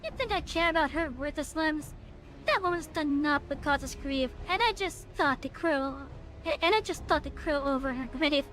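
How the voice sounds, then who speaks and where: A woman's voice: high-pitched, normal speed, fairly bright tone. A woman reading out a scheming male thief who holds a hostage, with theatrical, taunting threats through a voice changer. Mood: menacing.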